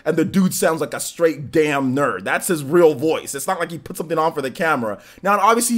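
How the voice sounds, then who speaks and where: Rambling male streamer, lively pitch. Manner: rambling, restarts, talks to chat. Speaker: live-stream host. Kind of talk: casual live-stream Q&A chat.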